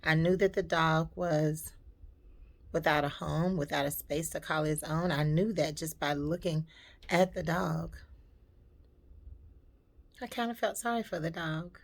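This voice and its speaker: Woman vlogger with a slightly low voice, heartfelt and reflective in a personal storytime. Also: fairly even intonation, a little slow, gravelly, pauses often.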